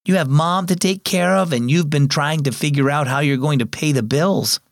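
A man's voice: fairly high pitch, moderate pace, no echo, studio quality, natural voice. A man voicing a young boy in a storybook reading who is impatient and sorry for breaking his bike, speaking earnestly and pleadingly.

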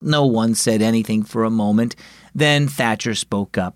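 A man hosting a children's devotional radio show, reading a story in a friendly, expressive storyteller manner. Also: on the low side, normal speed, no echo, clean studio sound. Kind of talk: scripted storybook narration for children.

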